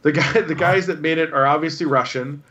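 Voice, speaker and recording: A man's voice: a little high, brisk, fairly bright tone, muffled recording. A man chatting casually as a podcast host, enthusiastic and rambling with lots of fillers. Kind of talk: casual chat.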